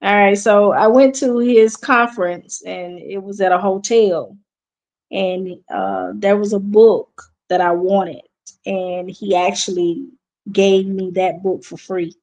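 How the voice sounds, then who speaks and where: A woman's voice: medium pitch, slow pace, darkish tone. A woman with a Southern accent chatting casually with viewers on her livestream, answering their comments and repeating herself. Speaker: livestream host.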